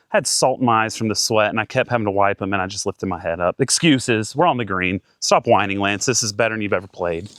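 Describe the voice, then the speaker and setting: A man in his thirties giving casual play-by-play of his own golf round outdoors, getting excited and talking to himself between shots. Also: medium pitch, no room sound, studio quality. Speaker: golf vlogger.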